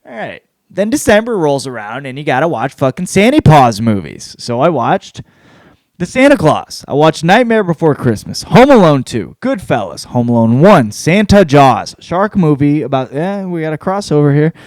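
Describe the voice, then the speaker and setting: A man with a fairly high voice that swings widely in pitch hosts his own podcast and rambles through a casual rundown. He swears freely and gives blunt opinions. The recording is dry and close to the mic. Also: sing-song, normal speed, darkish tone, no room sound. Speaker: podcast host.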